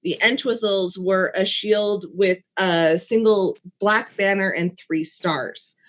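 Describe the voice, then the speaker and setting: A woman's voice: medium pitch, fairly even intonation, slow, a bit bright. A woman rambles through casual podcast chat, giggling as she goes. She often stumbles and restarts mid-sentence, with a mid-range voice. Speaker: podcast co-host.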